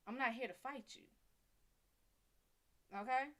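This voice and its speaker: In a high, unhurried voice, a woman psychic reader streams live with blunt relationship advice. She's animated and performs the dialogue as she speaks.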